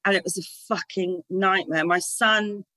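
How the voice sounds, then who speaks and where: A woman's voice: on the low side, fairly even intonation, normal speed, pushed and bright, dry recording, low-quality recording. A woman, a guest telling candid, sweary stories in casual chat and laughing often.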